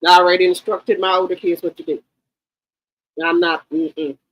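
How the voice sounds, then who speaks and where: A woman's voice: fairly low pitch, level tone, moderate pace, dull audio. A woman in her fifties giving blunt, emphatic livestream commentary and often repeating her words. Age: 50s. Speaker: livestream host.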